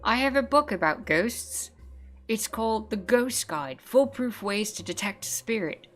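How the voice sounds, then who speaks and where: A woman voicing a cranky, sleepless self-declared king of an island in a game, talking loud and jumpy, over faint music. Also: a little high, expressive, a little slow. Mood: nervous.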